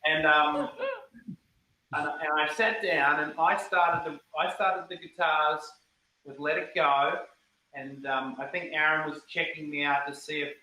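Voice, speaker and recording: A man's voice: fairly high pitch, fairly even intonation, unhurried, pushed and bright. A man, a band guitarist telling a studio story in a casual interview, rambling and acting out quotes. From New Zealand. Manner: rambling, repeats words, acts out quotes. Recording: roomy echo, faint background noise.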